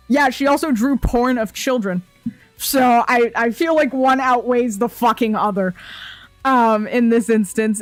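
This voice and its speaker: A woman's voice: a little high, moderate pace, no echo, soft background music. Ranting young woman streamer, swears often. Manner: ranting, blunt, swears often, laughs a lot. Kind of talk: casual chat reacting to chat messages.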